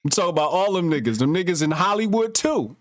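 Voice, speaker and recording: A man co-hosting a casual podcast, talking in a profane, animated storytelling way. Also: high-pitched, quick pace, no room sound, studio quality. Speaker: podcast co-host.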